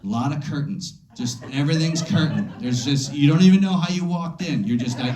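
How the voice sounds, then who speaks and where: Animated stand-up comedian in a roomy club. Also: male voice, fairly high pitch, fairly quick, few pauses, crowd noise. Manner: animated storytelling, full of fillers. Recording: echoey club room.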